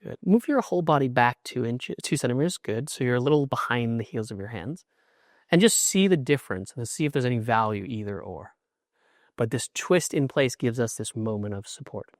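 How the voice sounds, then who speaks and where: A man's voice: medium pitch, expressive, fairly quick, no room sound, clean studio sound. A middle-aged man teaching a yoga class, cueing poses in short instructions with an encouraging, chatty manner.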